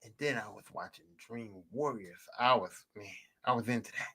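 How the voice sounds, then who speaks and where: A man hosting a podcast, telling stories in a profane, animated, casual way and repeating himself for emphasis. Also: lowish voice, moderate pace, breathy edge. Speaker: podcast host. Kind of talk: casual storytelling monologue.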